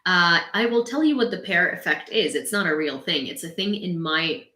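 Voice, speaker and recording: A young Ukrainian woman hosting a casual live stream, chatty and quick to laugh. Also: on the low side, lively intonation, pushed and bright, roomy sound, low-quality recording. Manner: chatty, laughs often, talks to her dog. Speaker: host of a live news stream. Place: home room.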